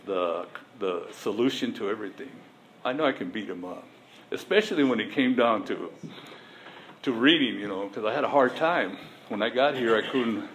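A middle-aged man tells his recovery story at a meeting in blunt street language, swearing freely. His delivery gets animated as he retells old confrontations. Faint background noise sits under his voice. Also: mid-range voice, rough recording.

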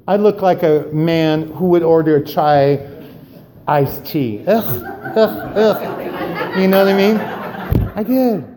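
A man sharing his own story at a recovery meeting, animated and acting out dialogue, then growing quiet and subdued on serious parts. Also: a little high, slow, pauses often, some chatter behind, a little hiss or hum. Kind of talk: personal recovery share.

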